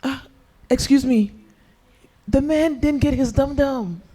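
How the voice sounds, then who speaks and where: Man, high voice, youth Bible study leader, questioning the group, dramatized scripture quotes. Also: takes it slowly, warm tone. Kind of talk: interactive youth Bible lesson.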